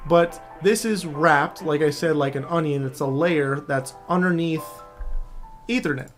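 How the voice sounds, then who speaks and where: A man's voice: a little high, unhurried, soft background music. A man casually explaining networking basics in a screen-share tutorial, often checking in with the viewer. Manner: casual, loose, talks to viewer directly with frequent "all right?". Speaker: cybersecurity instructor.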